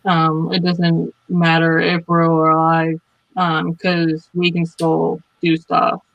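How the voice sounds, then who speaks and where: A man's voice: on the high side, monotone, takes it slowly, creaky, a bit bright, no echo, highs cut off. A man on a video call, casually explaining audio settings during a tech check. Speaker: tech support on a livestream team. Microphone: webcam mic on a video call.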